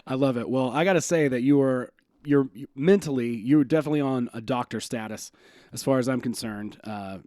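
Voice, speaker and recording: A man hosting a podcast, talking in an excited, chatty way with lots of fillers and quick laughs. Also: medium pitch, no echo. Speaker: podcast host. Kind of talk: casual podcast chat.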